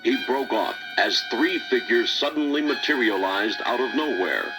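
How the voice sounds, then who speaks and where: A man's voice: mid-range voice, lively intonation, moderate pace, loud music behind the voice. A man narrating a children's storybook record in a dramatic read-aloud style.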